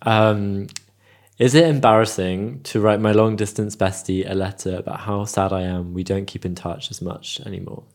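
A woman's voice: very deep voice, steady tone, moderate pace, a little mellow. A woman co-hosting a podcast from London in casual chat, laid-back with dry humor. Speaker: podcast co-host.

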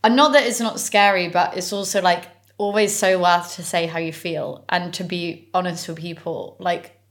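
A woman's voice: lowish voice, fairly even intonation, moderate pace. A young woman with a British accent co-hosting a podcast in casual chat, laughing often and saying "like" constantly. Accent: British English. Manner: chatty, laughs often, heavy filler "like". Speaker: podcast co-host.

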